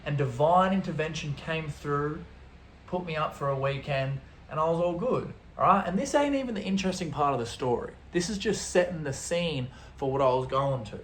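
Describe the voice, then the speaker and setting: An Australian man spins a travel yarn in loose slang and casual swearing, his voice sitting a touch high. The room adds a noticeable echo, with faint ambient noise underneath. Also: animated, moderate pace, fairly bright tone. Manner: swearing, laid-back slang. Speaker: travel vlogger. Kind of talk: animated storytelling. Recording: roomy echo.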